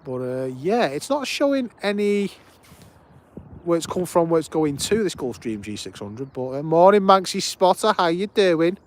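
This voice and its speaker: Scouse guy hosting a live stream, kinda high, lively pitch, chatty and keen. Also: normal speed. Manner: chatty, greets viewers by name, enthusiastic commentary. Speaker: livestream host. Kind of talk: casual live-stream chat. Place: outdoors at an airport.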